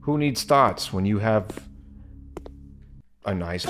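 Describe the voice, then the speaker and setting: A man's voice: fairly low pitch, slow pace, slight background noise. A man hosting a let's-play video, giving joking, sarcastic commentary as he plays. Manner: animated, joking, sarcastic asides. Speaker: gaming video host.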